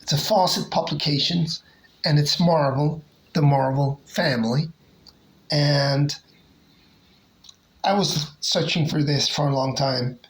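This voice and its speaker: A comic collector casually showing off favorite covers, talking hesitantly with lots of pauses and restarts. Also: mid-range voice, steady tone, low-quality recording. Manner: hesitant, many fillers and restarts.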